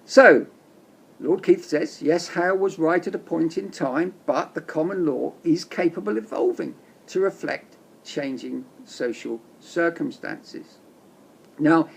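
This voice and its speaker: A man giving a measured, emphatic lecture on case law, reading quotations aloud. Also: fairly high pitch, gravelly, a little mellow, breathy edge. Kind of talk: explanatory lecture narration.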